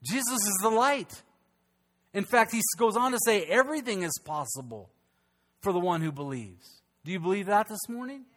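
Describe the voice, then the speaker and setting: High-voiced man preaching with loud peaks. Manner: emphatic preaching, swinging between loud peaks and hushed lines. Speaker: pastor. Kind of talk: sermon. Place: church during a service.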